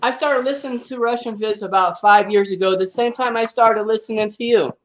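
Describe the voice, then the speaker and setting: A man chatting casually and warmly with the host as a stream guest. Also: high-pitched, brisk. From Arizona.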